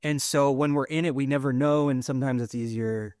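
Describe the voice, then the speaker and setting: A man's voice: mid-range voice, fairly even intonation, brisk, a little mellow, dry recording, clean studio sound. A middle-aged man hosting a podcast, talking in a rambling, searching way with many fillers and restarts. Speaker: podcast host. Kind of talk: casual conversational interview.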